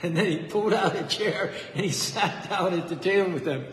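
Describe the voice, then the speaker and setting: A man's voice: high voice, brisk, a bit bright, slight background noise. A man preaching a devotional sermon with fervent, rhythmic repetition and a story. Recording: echoey hall with faint ambience.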